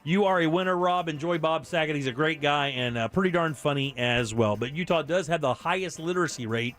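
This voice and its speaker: A male radio host with a notably high voice talks through a studio microphone. His banter with callers is upbeat and jokey, and soft music plays behind him. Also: fairly quick. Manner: jokey, upbeat quiz-giving patter. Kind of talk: casual radio chat with callers.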